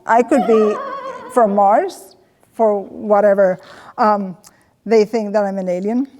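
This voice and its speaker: A woman's voice: medium pitch, takes it slowly, muffled recording. Woman telling stories in a reverberant hall. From Spain. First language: Spanish. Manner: animated, acts out quoted voices. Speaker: presenter. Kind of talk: comedic personal storytelling talk.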